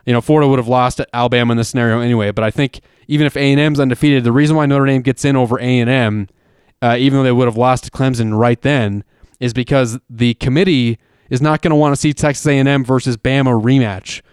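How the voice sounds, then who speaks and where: A man chats loosely about sports, emphatic and rambling, often restarting his sentences. His voice is smooth and clear, recorded close in a dry space. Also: medium pitch, steady tone, quick pace, a little mellow, no room sound. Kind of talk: casual sports chat.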